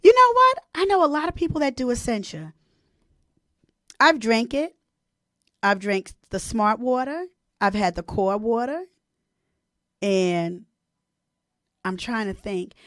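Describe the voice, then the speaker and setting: A woman hosting a radio show, chatting casually with her listeners, animated and laughing often. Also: a little high, unhurried, long pauses, no echo, clean studio sound. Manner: animated, laughs a lot, sings playful bits.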